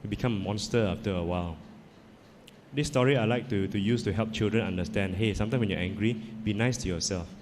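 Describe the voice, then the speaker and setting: A man giving an animated, conversational talk as a psychologist speaker, putting questions to his audience. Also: fairly low pitch, fast talker. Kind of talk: storytelling talk. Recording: reverberant hall, faint noise.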